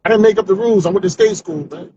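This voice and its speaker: A man's voice: sits high, fast talker, mellow, dull audio, a little hiss or hum. A male comedian trying out new stand-up jokes without notes, rambling and talking to himself, often ending lines with "man". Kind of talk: stream-of-consciousness stand-up practice. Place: car on commute.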